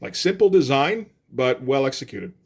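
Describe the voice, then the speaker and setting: A man's voice: mid-range voice, very animated, moderate pace, gravelly, husky. Wry, rambling man reviewing comics. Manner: wry, rambling, offhand asides. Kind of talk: casual commentary.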